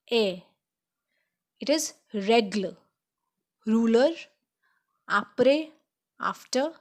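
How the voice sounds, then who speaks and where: Woman doing a slow french lesson for beginners, slightly high voice, keeps asking okay?. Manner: slow and careful, checks in with "okay?". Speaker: French teacher.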